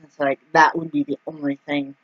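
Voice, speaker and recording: A woman's voice: low voice, flat delivery, a little fast, husky, no echo, muffled recording. A woman telling a personal story in a casual vlog, chatty and full of fillers, acting out the people she quotes. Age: adult, mother of two young kids. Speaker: vlogger.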